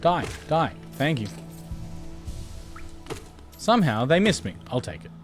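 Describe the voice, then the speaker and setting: A man's voice: a little high, very animated, a little slow, faint music behind. A man streaming a game with casual, jokey, self-mocking commentary.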